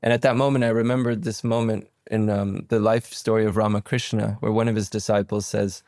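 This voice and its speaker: Gravelly, rambling male podcast guest. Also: brisk, few pauses, dry recording, clean studio sound. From Venezuela. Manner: rambling, with many restarts and stammered repeats; slips into animated quoted voices and sudden high pitch leaps. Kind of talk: reflective conversational storytelling.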